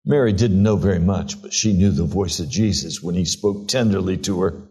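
A pastor preaching a sermon, reading scripture and retelling it in a slow, earnest storytelling way. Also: male voice, sits low, a little mellow, slightly rough.

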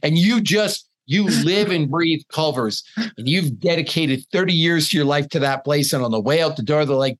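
A man co-hosting a casual podcast over a video call, telling stories in an animated, sarcastic way and swearing freely. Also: on the high side, moderate pace, few pauses. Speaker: podcast co-host.

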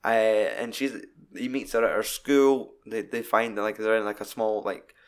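A man's voice: on the low side, fairly even intonation, normal speed. A man, co-hosting a podcast about films, rambling and swearing freely as he retells scenes. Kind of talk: casual film chat.

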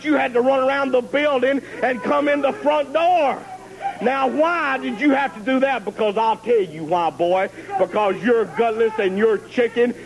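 A man's voice: extremely high pitch, low-quality recording. A man cutting a boastful, taunting wrestling promo in rhyming, preacher-like brags, heard from an archive TV clip. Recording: archive TV clip with cheering crowd.

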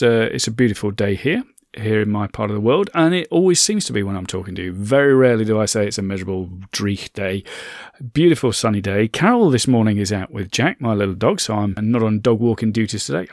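Gravelly man, earnest podcast chat. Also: fairly low pitch, no echo, clean studio sound. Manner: earnest, conversational, repeats phrases for emphasis. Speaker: podcast host. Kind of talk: reflective motivational monologue.

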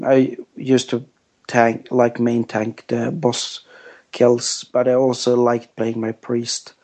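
A man from Sweden answers interview questions in a hesitant, plain-spoken way, often restarting his sentences. His voice stays flat and even throughout. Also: medium pitch, slow pace. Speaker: game studio guest.

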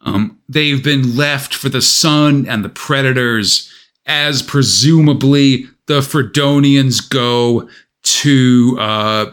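A man co-hosting a relaxed podcast chat, walking through a comic's plot. He talks at a middling pitch and breaks the summary with dry, joking asides. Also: slow. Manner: wry asides while recapping. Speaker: podcast co-host.

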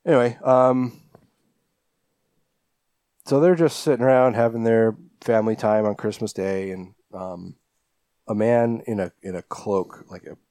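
This podcast co-host rambles through a casual horror film recap, full of ums, fillers, and restarts. His lowish voice is warm and unhurried, with long pauses and no room sound.

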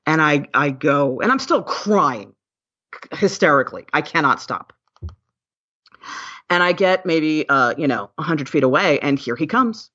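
A woman's voice: sits low, animated, a little slow, bright, forceful tone, breathy edge. A woman who is a podcast guest, talking candidly and earnestly with many restarts. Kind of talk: casual interview chat. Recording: dull, muffled sound.

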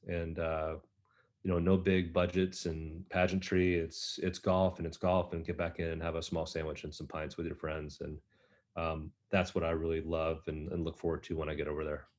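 A man, a golf professional, telling a relaxed story in an interview. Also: low voice. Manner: relaxed, anecdotal, many fillers.

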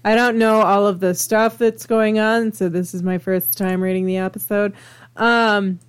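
A woman co-hosting a casual podcast, chatty, with quick interjections. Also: medium pitch, fairly even intonation, clean tone. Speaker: podcast co-host. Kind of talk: casual chat.

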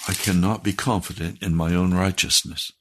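A man with a husky voice preaching a sermon, earnest and building to fervent emphasis. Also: low voice, fairly even intonation, moderate pace, fairly bright tone, a little hiss or hum.

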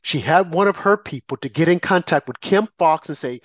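Guy ranting commentary, kinda high voice, keeps hammering the same point, dull muffled audio. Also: lively intonation, brisk, a bit bright, dry recording. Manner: emphatic and repetitive, mocking asides. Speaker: political commentator. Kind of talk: opinionated commentary monologue. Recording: dry, slightly muffled lo-fi audio.

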